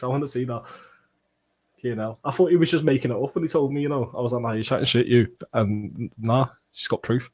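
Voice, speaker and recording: A young man hosting a football watchalong livestream, bantering and swearing as he reads out chat comments, with bursts of excited play-by-play. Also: mid-range voice, measured pace, pauses often, slightly rough. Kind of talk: casual livestream chat and match reaction.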